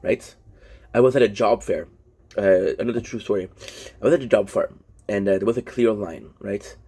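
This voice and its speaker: A man's voice: lowish voice, moderate pace, warm tone, slightly rough. A young man whose first language is French, venting casually and frankly to his vlog audience, swearing often and restarting his sentences. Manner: frank, profane, rambling with frequent restarts. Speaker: vlogger. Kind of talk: casual personal venting monologue.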